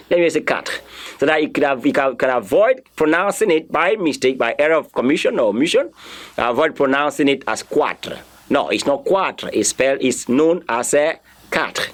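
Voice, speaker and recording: A man's voice: a little high, fairly bright tone. A man teaching a beginner French class, repeating words and spelling them out letter by letter. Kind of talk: classroom lesson.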